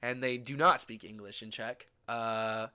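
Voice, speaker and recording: A young man from the States chats about his travels with a bright, crisp, clear voice. He talks in an animated, gushing way and swears casually. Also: fairly low pitch, measured pace. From United States. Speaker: vlogger. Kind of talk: casual travel recap chat.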